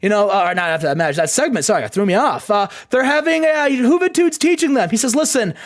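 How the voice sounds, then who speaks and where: A man's voice: high-pitched, animated, fast talker. A man hosting a casual let's play, chatty and rambling as he narrates a wrestling game with a friend. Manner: rambling, chatty, laughs often, frequent fillers.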